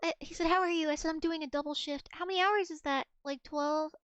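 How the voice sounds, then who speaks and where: A young woman streaming, chatting in a giggly, mock-dramatic way. Her voice sits very high, and the sound is dry and close with no room around it. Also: steady tone, quick pace, fairly bright tone, no echo, highs cut off. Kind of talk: casual chat reading old messages to chat.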